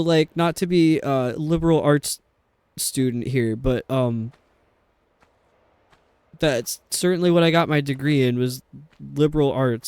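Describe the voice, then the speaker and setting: A man's voice: on the high side, darkish tone, smooth, no echo. A young adult man streaming a game, chatting in a rambling, casual way with lots of fillers. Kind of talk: casual chat while playing a game.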